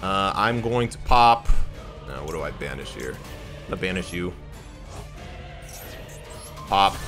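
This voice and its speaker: A young man giving chatty, excitable, jokey commentary as he plays a card game. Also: sits low, unhurried, long pauses. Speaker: YouTuber playing a card game. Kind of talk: live gameplay commentary. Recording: faint music behind.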